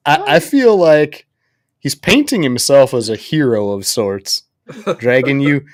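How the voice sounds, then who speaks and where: A man's voice: mid-range voice, animated, unhurried. A man from Wisconsin hosting a casual podcast, teasing his guests in a dry, mock-formal way. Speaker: podcast host. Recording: dry close sound.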